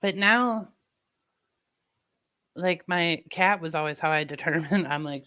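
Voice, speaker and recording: A chatty woman talks casually to her viewers, breaking into laughter as she tells stories. Her voice is bright and forward, sitting a little low in pitch. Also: fairly even intonation, measured pace, pauses often. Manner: chatty, laughs often, storytelling. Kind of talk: casual chat.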